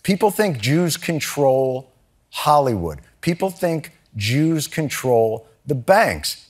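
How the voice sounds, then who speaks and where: A man doing stand-up comedy with a dry, matter-of-fact delivery. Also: medium pitch.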